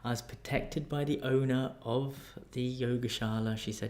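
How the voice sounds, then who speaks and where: Calm, animated English man telling a story. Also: medium pitch, moderate pace, vocal fry, few pauses. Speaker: life coach. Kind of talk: storytelling vlog.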